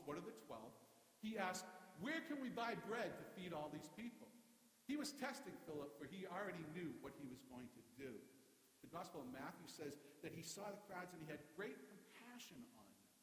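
A man giving a sermon as pastor, telling humorous stories in a conversational way. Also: high-pitched. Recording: echoey hall.

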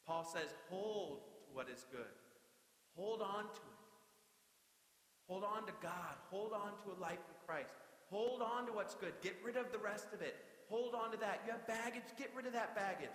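A young man preaching a sermon as pastor, in a lively, conversational way with playful asides. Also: sits high, moderate pace. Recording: echoey hall with long reverb.

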